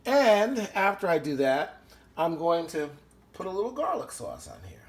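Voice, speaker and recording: A man's voice: on the high side, sing-song, normal speed, roomy sound, slight background noise. A man hosting a casual home cooking show, talking chattily and enthusiastically with lots of fillers as he works in his kitchen.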